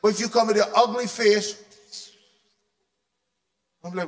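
A man preaching a sermon, animated, shouting for emphasis and asking the congregation questions. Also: high-pitched, unhurried.

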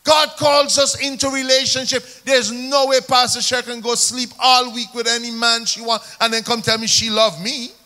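A man with a Jamaican accent preaching a sermon as pastor, calling for responses from the congregation and swinging between loud emphasis and quiet asides. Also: very high voice, little pitch movement, normal speed, few pauses. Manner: call-and-response preaching, rising and falling emphasis.

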